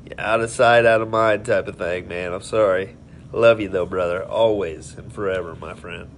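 A man's voice: deep voice, fairly even intonation, moderate pace, a little hiss or hum. A man hosting a casual live stream, rambling in a friendly, tipsy way as he tells stories and greets viewers.

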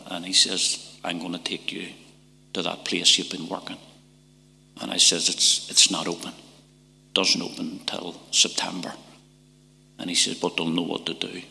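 Gravelly Northern Irish man in a church. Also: low-pitched, pushed and bright. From Northern Ireland. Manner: halting and emotional, with repeated words and whispered passages. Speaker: testimony speaker. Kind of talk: church testimony. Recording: church hall reverb.

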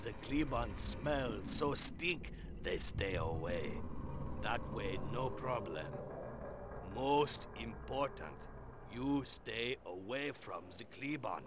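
A man's voice: medium pitch, expressive, slow pace. An actor playing a humble male farmer in a video game, speaking in simple, broken phrases. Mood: warning. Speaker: game character. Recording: game audio with loud noise.

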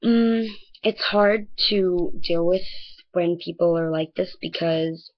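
A teenage girl vlogging casually in a rambling way, full of fillers and often dropping to a soft near-whisper. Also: on the low side, slow pace, lo-fi sound. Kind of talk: casual bedroom vlog.

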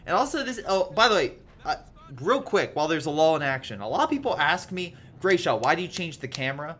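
A man giving chatty, animated play-by-play commentary on a strategy game replay, with lively asides to his viewers. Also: on the high side, a little fast, a little hiss or hum. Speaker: video game replay caster.

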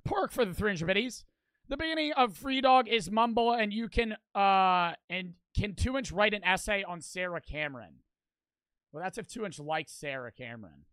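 A young man live-streaming a reaction video, chatting loosely, swearing and sometimes shouting, his voice a bit strained. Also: sits high, animated, moderate pace, no room sound. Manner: loose, swears a lot, bursts into loud shouts. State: strained voice from screaming. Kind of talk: casual live-stream chat.

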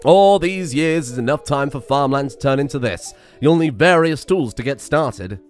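A man's voice: mid-range voice, expressive, normal speed, faint music behind, close to an everyday voice. Dude doing an old mayor guy, formal and welcoming, lots of ups and downs in the voice. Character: kindly old male village mayor. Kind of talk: voicing game dialogue aloud.

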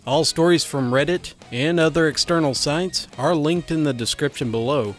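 A man narrating a submitted first-person story aloud, with a steady reading delivery and dry sarcastic asides. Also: fairly high pitch, moderate pace, faint music behind.

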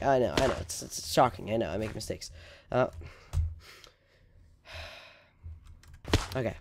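A man's voice: mid-range voice, takes it slowly, vocal fry, pauses often, darkish tone, a little hiss or hum. A man hosting casual gameplay commentary, melodramatic and overreacting, stammering, sometimes leaning away from his desk microphone. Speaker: gaming video host.

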